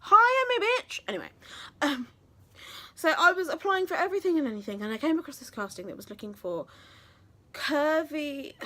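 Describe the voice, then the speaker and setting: Woman, 20s, casual storytelling vlog, bouncy lively pitch, self-mocking, swears a bit. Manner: chatty, animated and self-mocking, with frequent swearing. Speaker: vlogger and actress.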